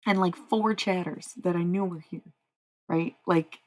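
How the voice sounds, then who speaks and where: A woman's voice: fairly low pitch, steady tone, unhurried, a little mellow, rough recording. A young woman streaming live, chatting casually with her viewers, laughing often and swearing freely.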